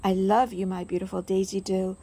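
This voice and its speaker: A woman's voice: medium pitch, level tone, a little fast, dark tone, breathy edge, lightly acted. Woman doing a tender loving dad. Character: loving dad tucking in his daughter.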